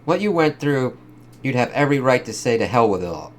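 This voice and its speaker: A man's voice: medium pitch, sing-song, a little fast, close to an everyday voice. A man reading aloud a mother comforting her son after a trauma, in his plain voice with no character voice. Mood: encouraging.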